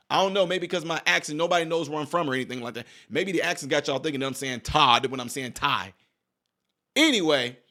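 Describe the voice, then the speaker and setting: A man's voice: fairly high pitch, a bit bright. A middle-aged man giving an emphatic opinion vlog, talking straight to his viewers in a preaching manner. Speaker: YouTube commentator.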